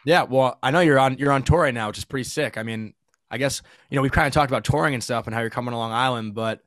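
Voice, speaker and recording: A man hosting a podcast, asking questions in a relaxed way and laughing easily. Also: mid-range voice, fast, dry recording, studio quality. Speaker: podcast host. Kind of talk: casual podcast interview.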